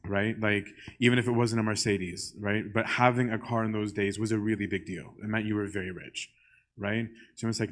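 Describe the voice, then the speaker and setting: Casual-talking male priest, lowish voice. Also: steady tone, normal speed, fairly bright tone. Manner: conversational, often asks "right?"; frequent "um" fillers. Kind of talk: casual church teaching talk.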